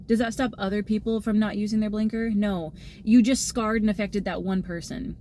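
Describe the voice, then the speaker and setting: A woman's voice: mid-range voice, steady tone, moderate pace, warm tone, slight background noise. A woman talking through a channeled tarot message to her viewers, rambling and casual with lots of fillers and everyday analogies. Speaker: tarot reader.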